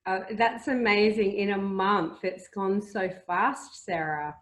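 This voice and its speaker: A woman's voice: mid-range voice, takes it slowly. A woman hosting an interview, talking in an encouraging way with frequent ums. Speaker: host. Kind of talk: casual interview chat.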